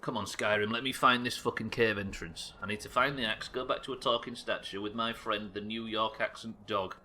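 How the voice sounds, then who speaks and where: A man streams a game live, trading quick jokes and curses with his chat. His voice is rather low yet bright and forceful, with faint background noise behind him. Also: steady tone. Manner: swearing, joking asides to chat. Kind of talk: live gameplay commentary.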